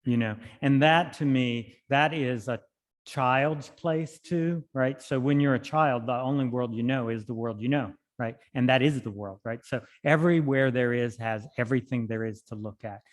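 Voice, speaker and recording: A male poet giving a reading, speaking in an unhurried, thoughtful way between and through his poems. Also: mid-range voice. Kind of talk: poetry reading with spoken commentary. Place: library hall. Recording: long hall reverb.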